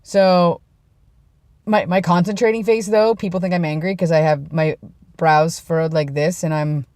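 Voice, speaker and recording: A woman's voice: fairly low pitch, steady tone, normal speed, dry recording, clean studio sound. A young adult woman telling rambling, self-deprecating stories in a casual vlog. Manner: rambling, self-deprecating, drops to a hush for quoted lines. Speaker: vlogger.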